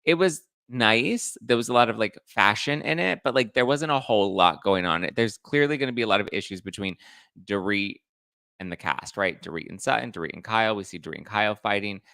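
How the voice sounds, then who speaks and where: Chatty camp man, bright gravelly voice. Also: fairly low pitch, a little fast, no room sound, studio quality. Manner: chatty, camp, reads viewer comments and acts out quotes. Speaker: host. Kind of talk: live-stream pop culture chat.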